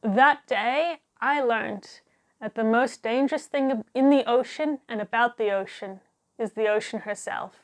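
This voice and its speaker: Animated young woman telling stories. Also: a little high, measured pace. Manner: animated, laughs often, acts out quotes. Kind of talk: casual storytelling.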